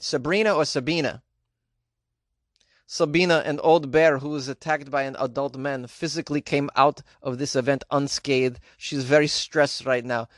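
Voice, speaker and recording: A man's voice: medium pitch, no room sound, clean studio sound. A man hosting a show, reading odd news stories and adding sarcastic, joking remarks. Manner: sarcastic, joking asides with laughs. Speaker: host.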